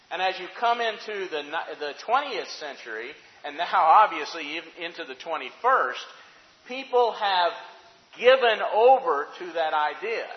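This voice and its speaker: A man preaching a sermon, emphatic and full of rhetorical questions, in a church sanctuary. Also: sits high. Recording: dull, echoey hall recording.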